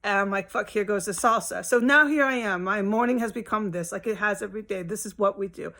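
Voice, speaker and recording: An exasperated woman vlogger rants at home in a casual venting monologue, rambling and profane. Her mid-range voice is fast, bright, and forceful.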